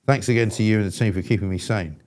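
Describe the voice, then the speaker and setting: A man's voice: on the low side, quick pace, darkish tone. Blunt man ranting on a talk show. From England. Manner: blunt, irascible, exasperated rants. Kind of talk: opinionated live show chat.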